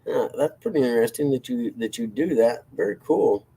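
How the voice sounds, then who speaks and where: A man's voice: mid-range voice, lively intonation, fairly quick, vocal fry, warm tone, slightly rough. A man hosting a livestream, chatting casually with viewers in a rambling, self-deprecating way and chuckling often. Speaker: livestream host reading chat. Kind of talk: casual chat.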